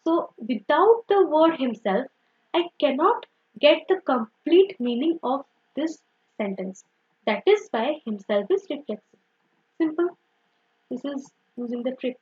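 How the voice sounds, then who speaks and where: A woman's voice: high-pitched, animated, a little slow, slightly rough, highs cut off. A woman teaching an online grammar lesson, explaining step by step and often saying "simple" and "okay".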